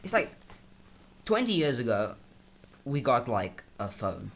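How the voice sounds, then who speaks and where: Rambling young man with a lively voice. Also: mid-range voice. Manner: rambling, halting, full of "like" and restarts. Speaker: podcast co-host. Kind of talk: casual chat.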